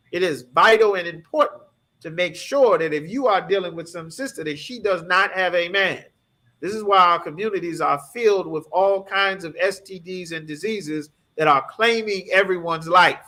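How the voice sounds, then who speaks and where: Emphatic, high-voiced male preacher. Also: sharp tone. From United States. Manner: emphatic, streetwise preaching with rhetorical questions. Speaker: scripture class teacher. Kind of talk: preaching scripture breakdown.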